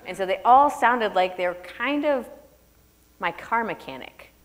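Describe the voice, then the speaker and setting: A woman's voice: mid-range voice, animated, unhurried. A woman author talking energetically onstage, laughing often, then reading her own prose aloud to an audience in an opera house. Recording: long reverb of a large hall.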